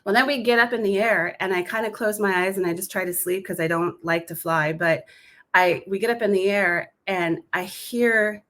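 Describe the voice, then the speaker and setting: A woman guest on a podcast, telling a personal testimony in a lively, quick way and acting out the voices in her story. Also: mid-range voice. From Alaska.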